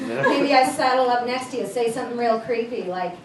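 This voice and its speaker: A woman's voice: on the high side, a little fast, slight background noise. A woman in her thirties doing a stand-up comedy set on stage, with a dry, self-deprecating delivery. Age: 30s. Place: comedy club stage with audience laughter. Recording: echoey room, distant mic, loud ambience. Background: audience laughter.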